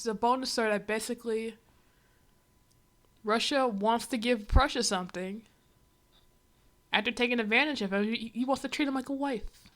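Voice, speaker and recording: Young female streamer, slightly high voice, wry exasperated reaction commentary. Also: a bit bright. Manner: sarcastic, exasperated asides.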